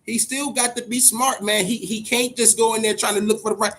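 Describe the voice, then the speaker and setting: A high-pitched man hosts a loose, profane boxing talk show. He stumbles over repeated words and keeps calling out to his listeners. His tone is bright and forceful. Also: a little fast, a little hiss or hum. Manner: animated, profane, repeats words, addresses audience as y'all. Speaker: boxing commentary host. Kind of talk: casual profane boxing commentary.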